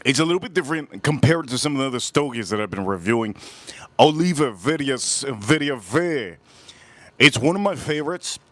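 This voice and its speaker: Just out of bed and still groggy, a man with a mid-range voice hosts a live cigar review outdoors in the wind. At a moderate pace he talks loosely and relaxed, repeating phrases and greeting viewers in the chat. The recording is dry and close.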